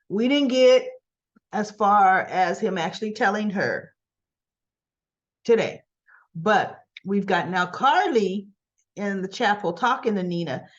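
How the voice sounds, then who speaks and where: A woman's voice: mid-range voice, normal speed, highs cut off. A woman casually recapping a soap opera episode, retelling the scenes by quoting the characters and often checking in with "right?".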